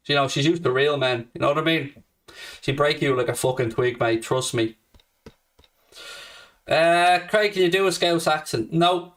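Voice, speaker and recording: A man's voice: medium pitch, fairly bright tone, distant mic. A young Irish man hosting a live stream, reading out viewer comments and answering with brash, profane banter. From Ireland. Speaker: host.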